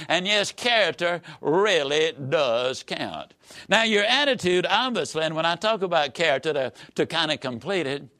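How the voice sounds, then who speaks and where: A man giving a folksy, emphatic motivational talk that swoops high and low. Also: fairly bright tone. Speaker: motivational speaker. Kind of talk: motivational speech.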